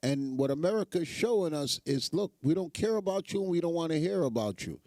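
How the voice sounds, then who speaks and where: A man's voice: fairly high pitch, lively intonation, brisk, a little mellow, no echo. A man hosting a show, giving sarcastic, emphatic commentary on news clips and repeating phrases for effect. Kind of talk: mocking live commentary.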